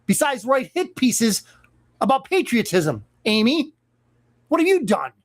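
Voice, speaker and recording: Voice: medium pitch, very animated, a little slow. A radio talk show host giving an opinionated monologue, emphatic and sarcastic, with mocking asides aimed at the people in the news.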